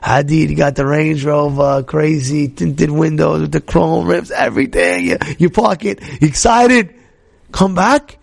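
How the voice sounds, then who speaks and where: A middle-aged man, a rabbi, giving an animated Torah talk full of stories, restarts and shouted outbursts. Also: a little high, a little slow, gravelly, dry recording, studio quality.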